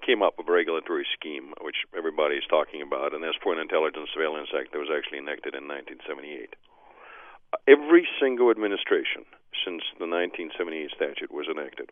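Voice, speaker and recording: A man with a very low voice argues his case quickly and emphatically, often restarting his sentences. He is heard over a tinny phone line with a dry, close sound. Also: no echo. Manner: emphatic, dismissive, frequent restarts. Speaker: guest legal expert. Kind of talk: phone-in interview, argumentative. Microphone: telephone.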